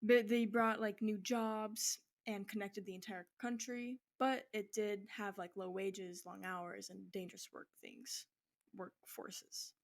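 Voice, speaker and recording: A woman's voice: medium pitch, steady tone, slow. A young woman giving a school history presentation, talking casually with many fillers and restarts. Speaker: student presenter. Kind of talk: informal class presentation.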